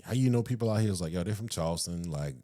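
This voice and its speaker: A man's voice: low-pitched, quick pace. A man in his thirties with a Southern US accent, a podcast host telling a profane story and acting out the quotes in raised voices. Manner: animated, acts out quotes in raised voices, profane, laughs often. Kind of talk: casual storytelling.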